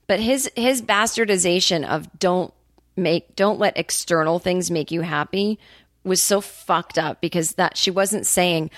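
A woman's voice: fairly low pitch, unhurried, no room sound. A woman hosting a podcast, ranting in a casual monologue, swearing freely and acting out quotes. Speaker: podcast host.

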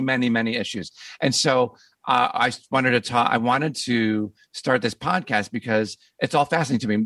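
A man's voice: mid-range voice, fairly bright tone, no room sound, recorded from a distance. A man hosting a podcast, chatting casually and enthusiastically, often repeating words as he rambles. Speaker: podcast host. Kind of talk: casual interview chat.

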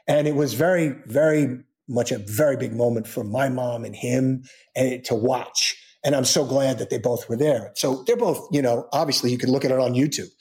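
A man's voice: mid-range voice, fairly even intonation, normal speed, a little mellow. A man guest in an interview telling a long personal story in a casual way, with many restarts and quoted dialogue he acts out. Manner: rambling, with frequent restarts and acted-out quotes.

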